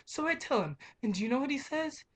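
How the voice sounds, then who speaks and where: A woman's voice: high voice, animated, quick pace. A young woman working as a grocery clerk, ranting in an exasperated, emphatic way with frequent swearing. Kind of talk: ranting vlog monologue.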